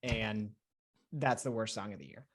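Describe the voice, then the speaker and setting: A man's voice: lowish voice, moderate pace. Easygoing podcast man. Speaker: podcast co-host. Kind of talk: casual chat.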